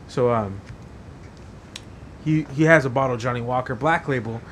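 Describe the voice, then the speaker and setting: A man's voice: mid-range voice, normal speed, fairly bright tone, a little hiss or hum. A man hosting a podcast, telling a story casually while rambling and swearing heavily, with lots of fillers. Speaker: podcast host.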